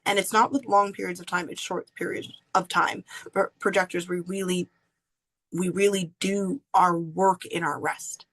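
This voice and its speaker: A woman hosting a podcast, candidly telling a personal story in an animated way and laughing often. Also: fairly low pitch, normal speed, poor audio. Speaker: podcast host.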